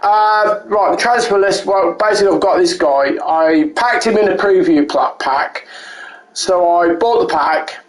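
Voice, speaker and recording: A man's voice: sits high, measured pace, reverberant, low-quality recording. A man giving rambling, self-correcting live commentary while he plays a game, chatting with his viewers. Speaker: streamer.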